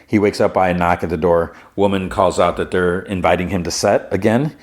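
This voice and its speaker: A man hosting a podcast, casually recapping a TV episode in a loose, rambling way and putting on higher voices when he quotes characters. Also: fairly even intonation, fairly quick. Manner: slips into raised-pitch voices for quoted characters; loose, rambling, restarts often.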